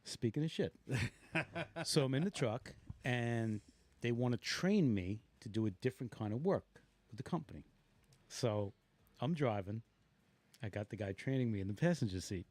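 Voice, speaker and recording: Animated middle-aged man telling stories. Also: mid-range voice, normal speed, long pauses, no room sound. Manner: animated, laughs through his stories, swears. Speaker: podcast co-host. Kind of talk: casual storytelling.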